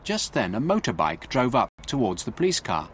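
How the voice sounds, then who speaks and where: A man narrating a graded story for English learners in a clear, deliberate way. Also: medium pitch, wildly swooping pitch, a bit bright, a little hiss or hum. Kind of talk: slow scripted story narration.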